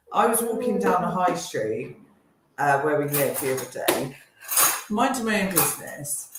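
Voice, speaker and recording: A young woman telling a story casually on a family live stream, chatty and self-deprecating, laughing now and then. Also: on the low side. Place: home kitchen. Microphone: live-stream mic. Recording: very echoey room, faint noise.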